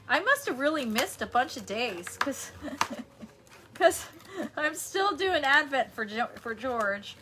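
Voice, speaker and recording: With background noise behind her, a streamer from New York chats casually on a livestream from her bedroom, reading comments aloud, rambling and often laughing. Her voice is a little high.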